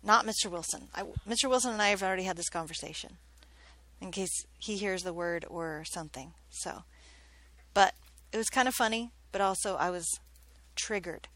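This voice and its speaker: A woman's voice: mid-range voice, normal speed, fairly bright tone. A woman math teacher giving a classroom lesson, chatty and joking, often checking in with questions.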